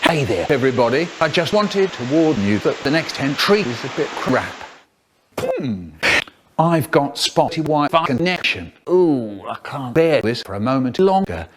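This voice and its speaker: A man's voice: medium pitch, very animated, normal speed. A man rambling through an absurd comedy monologue, hopping between silly voices. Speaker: collab contributor. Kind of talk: absurd comic monologue in a collab video.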